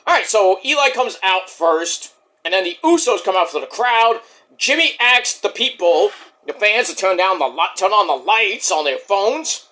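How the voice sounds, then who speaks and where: A man giving a casual wrestling event recap, animated and swearing freely. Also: sits high, normal speed. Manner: animated, swearing, acts out voices. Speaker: wrestling reviewer.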